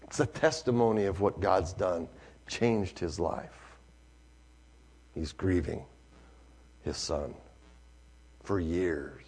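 A male preacher, telling a story in a sermon, swinging from hushed to loud. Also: low-pitched, takes it slowly, vocal fry, long pauses, husky.

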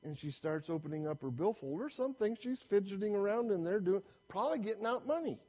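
A man's voice: sits high, expressive, fast talker, warm tone. A man preaching a sermon as pastor, telling a story animatedly and acting out the voices of the people in it.

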